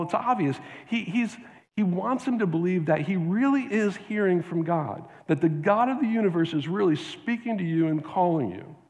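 A man's voice: high-pitched, big-room sound. A man preaching a sermon as pastor, earnest and often restarting with repeated words.

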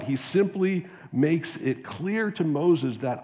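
A man's voice: fairly high pitch, lively intonation, a little slow, hardly any pauses, a little mellow, big-room sound, lo-fi sound. A man preaching a sermon as pastor, earnest and often restarting with repeated words.

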